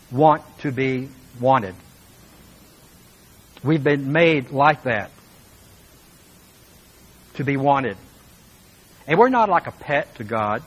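A man's voice: medium pitch, slightly rough, low-quality recording. A man preaching a sermon as pastor, speaking earnestly and with emphasis, and turning now and then to talk straight to his listeners.

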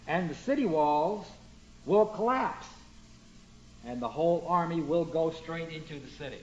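The clip has a dull lo-fi sound and features a man preaching, his voice on the high side and animated at a moderate pace. As pastor, he leans hard on scripture quotes and poses questions to the congregation.

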